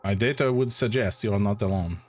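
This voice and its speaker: A man's voice: lowish voice, fairly quick, a little mellow, a little hiss or hum, lightly acted. A man doing an admittedly clumsy, exaggerated mock French accent to voice a formal, cautious French researcher. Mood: earnest.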